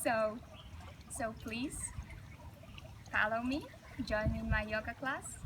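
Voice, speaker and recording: A woman's voice: on the high side, takes it slowly, pauses often. A young woman with a Russian accent, chatting upbeat in a vlog intro, searching for English words now and then, speaking into a handheld mic outdoors. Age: young adult. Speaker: vlogger and yoga teacher. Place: outdoors, windy and noisy. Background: outdoor noise.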